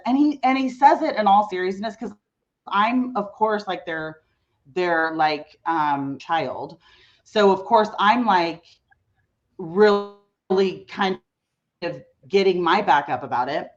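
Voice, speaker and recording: A woman's voice: medium pitch, slow pace, highs cut off. A woman in her thirties, a podcast guest and mother, telling a story in casual chat with lots of "like" fillers. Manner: animated storyteller, many "like" fillers. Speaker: mother of a teenage son.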